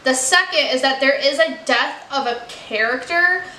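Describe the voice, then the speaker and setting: A woman's voice: high voice, normal speed, sharp tone, reverberant, slight background noise. A woman from the United States chatting candidly in a casual book review vlog, with frequent "like" and "you know.". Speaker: book vlogger.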